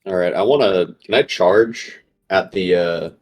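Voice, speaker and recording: Deep-voiced man playing a tabletop game. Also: unhurried. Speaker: player. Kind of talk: casual tabletop play.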